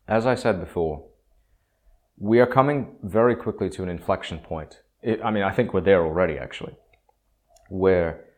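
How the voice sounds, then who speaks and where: A man with a very low voice talks through theology on his own podcast. He speaks in a loose, opinionated way, full of asides and fillers, and he drops into mock voices when he quotes people. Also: a little mellow. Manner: conversational, opinionated, with frequent fillers and acted quotes. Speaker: podcast host. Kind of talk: solo podcast monologue on theology.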